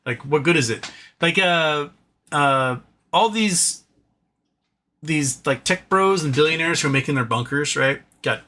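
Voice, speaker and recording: A man's voice: on the high side, expressive, measured pace, pushed and bright. A man hosting a livestream, ranting casually about politics, reading viewer chat aloud and talking to his pet between comments. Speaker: livestream host.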